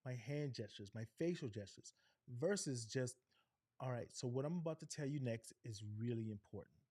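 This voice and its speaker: "Right?" comes up often as this animated middle-aged coach works through a live online workshop on camera, purposely varying his pitch and pace. There's no room sound; the audio is clean studio quality.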